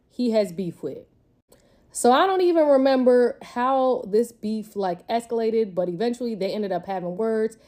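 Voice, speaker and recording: A woman's voice: on the high side, mellow. A pregnant young woman telling a personal story in casual story-time style, chatty and full of filler words. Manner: chatty, conversational, lots of "like" fillers.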